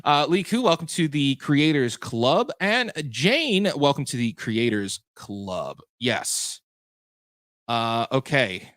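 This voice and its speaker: Bright-voiced male game master chatting. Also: mid-range voice, big pitch swings, slow pace, no echo. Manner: chatty, self-correcting, answers viewer questions. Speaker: game master and show host. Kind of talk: livestream post-show chat.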